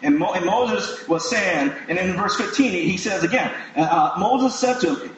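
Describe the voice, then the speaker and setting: A man's voice: high voice, expressive, moderate pace, hardly any pauses, a little hiss or hum. A man preaching a sermon in a conversational way, with frequent fillers and restarts. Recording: distant mic in an echoey room, dull sound.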